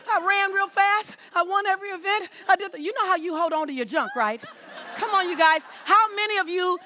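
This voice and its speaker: A woman motivational speaker with a very high voice, delivering an inspirational talk from the stage. She is emphatic, repeats her words, and calls out directly to the crowd. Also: pushed and bright.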